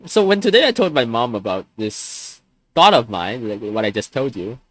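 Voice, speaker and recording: A man's voice: medium pitch, very animated, moderate pace, a bit bright, dry recording. A young man in his twenties venting on a live stream, frustrated and swearing, often stumbling and restarting his sentences.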